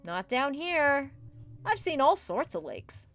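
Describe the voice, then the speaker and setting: A woman voicing an eager, cheerful male ghost dog who loves jokes, talking high, loud and excitable. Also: slow, faint music behind, heavily acted. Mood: wistful.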